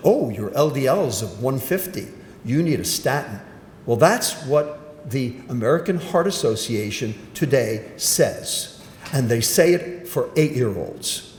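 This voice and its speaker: An older man giving a medical lecture, emphatic and punchy, often asking and then answering his own questions. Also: darkish tone. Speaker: physician giving a grand rounds lecture. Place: lecture hall. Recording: roomy hall echo with faint rumble.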